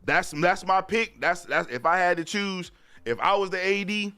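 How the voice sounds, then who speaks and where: A man hosting a live-stream sports talk show, chatting loosely in slang, reading viewer comments aloud and shouting out viewers. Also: sits high, moderate pace, smooth. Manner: loose slang-heavy chat, repeats "you know what I'm saying".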